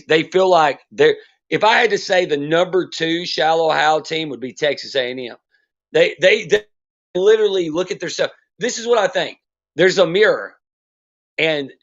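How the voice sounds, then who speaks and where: A man ranting bluntly and profanely as a podcast host, in loose casual talk. His voice sits somewhat high. The recording sounds dull and lo-fi. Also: a bit bright. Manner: profane, blunt sports rant.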